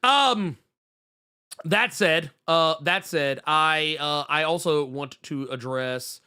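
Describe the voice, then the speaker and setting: A man's voice: a little high, slow pace, pushed and bright, clean tone. A man co-hosting a comics podcast, ranting in a heated, profane way with lots of restarts while reading out viewer messages. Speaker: podcast co-host.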